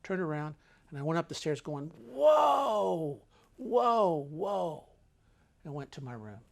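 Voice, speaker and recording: An older man telling a travel story with dramatic, animated delivery that swings between loud and hushed. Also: on the high side, quick pace.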